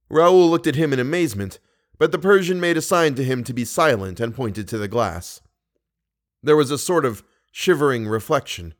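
A man narrating a classic novel in a steady, even storytelling manner. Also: mid-range voice, normal speed. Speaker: audiobook narrator. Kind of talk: scripted narration.

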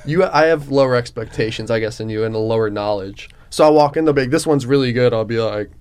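A man's voice: on the low side, fast talker, a little hiss or hum. Rambling laid-back male podcast host. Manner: relaxed, rambling with many fillers. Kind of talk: casual chat.

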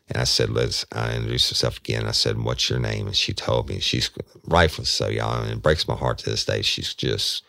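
A man's voice: very deep voice, vocal fry, fairly bright tone, dry recording, clean studio sound. A man, a former detective, telling a true crime story in a folksy way and replaying the dialogue line by line. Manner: folksy, retells dialogue with repeated "I said".

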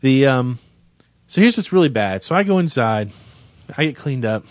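Man, 50s, podcast co-host, even voice, dry close sound, deadpan self-mocking storyteller. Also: mid-range voice, moderate pace, no echo. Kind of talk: casual storytelling chat.

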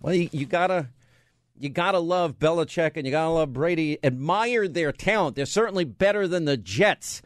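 On a studio mic with no echo, a fairly high-voiced man delivers a conservative talk radio monologue at normal speed, tossing out rhetorical questions and trading banter with his crew.

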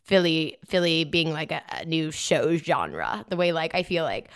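A woman's voice: deep voice, lively intonation, unhurried, clear, resonant tone, no echo, studio quality. A young woman co-hosting a podcast, chatting casually and rambling with frequent laughs. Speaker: podcast co-host. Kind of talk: casual chat.

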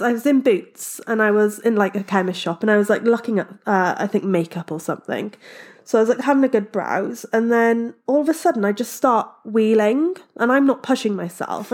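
A woman's voice: on the high side, a little fast, darkish tone. A young woman telling a story as a guest, chatty and full of fillers, acting out what people said. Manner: chatty, lots of fillers, acts out quoted voices. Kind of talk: animated storytelling.

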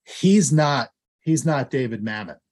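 A man's voice: mid-range voice, lively intonation, a little slow, darkish tone. A man who is an actor and lawyer, telling stories as a guest in a rambling way with many fillers and restarts. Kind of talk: casual anecdotal storytelling.

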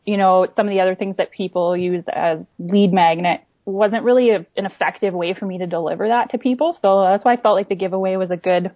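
A woman's voice: medium pitch, steady tone, fairly quick, few pauses. A woman talks in an easy, explanatory way as an interview guest, often tagging her points with "right?" and "you know". The sound is dull and lo-fi. The room is dead and dry, with no echo at all. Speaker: guest, small online shop owner. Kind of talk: casual interview chat. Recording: dull, lo-fi dry remote audio.

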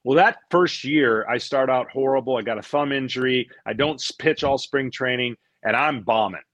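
A middle-aged man, a former pitcher, telling stories in a casual interview; he acts out what people said and often repeats words as he goes. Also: moderate pace, dry recording. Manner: animated storyteller, acts out quotes, repeats words.

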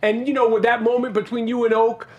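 A man's voice: extremely high pitch, little pitch movement, fast. A man chatting casually and profanely about basketball, with frequent restarts and filler words. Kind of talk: casual podcast chat.

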